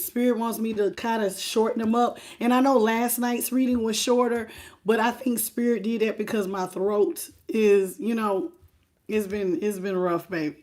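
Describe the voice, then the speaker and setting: A woman with a hoarse, laryngitis-worn voice hosting a live tarot stream, chatting casually and familiarly with viewers and calling them baby and boo. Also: fairly high pitch, a little mellow. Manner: unhurried and chatty, laughing often.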